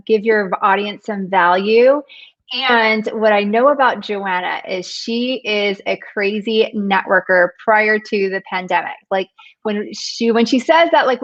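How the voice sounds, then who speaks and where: A woman's voice: a little high, fairly bright tone, dull audio. A woman guest on a live podcast interview, upbeat and friendly.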